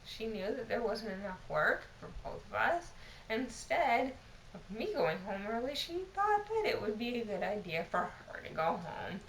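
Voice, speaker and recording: A tipsy woman in her twenties tells a profane, exasperated storytime straight to camera. Her voice is full of vocal fry. The room is echoey, with a faint hiss underneath. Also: on the high side, very animated, normal speed. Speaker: vlogger. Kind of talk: casual storytime monologue.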